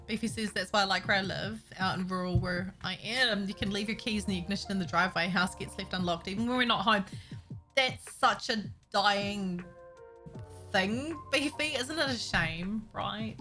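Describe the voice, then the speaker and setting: A woman's voice: mid-range voice, moderate pace, pushed and bright, faint music behind. A woman, chatting casually with her stream audience while building, giggling and talking to herself. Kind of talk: casual chat while building a game map.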